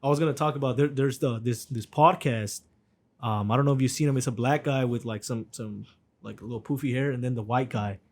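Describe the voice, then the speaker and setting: A man at a middle pitch chats loosely on a podcast with his friend. He drops curse words and fillers constantly, keeping an easygoing, unhurried tone. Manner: laid-back, swears a lot, frequent fillers. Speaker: podcast co-host. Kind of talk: casual chat.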